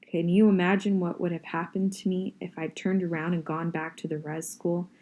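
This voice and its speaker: A woman reading a novel aloud in a steady, first-person audiobook style. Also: lowish voice, moderate pace. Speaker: reader.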